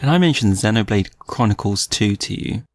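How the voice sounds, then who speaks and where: A man's voice: fairly low pitch, lively intonation, normal speed, faint music behind. A man co-hosting a podcast in casual chat, wry and laid-back. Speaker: podcast co-host.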